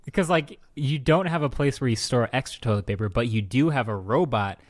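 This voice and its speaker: A man co-hosting a podcast in casual chat, animated and playful, telling stories with mock exclamations, in a hotel room. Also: medium pitch, brisk. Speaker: podcast co-host.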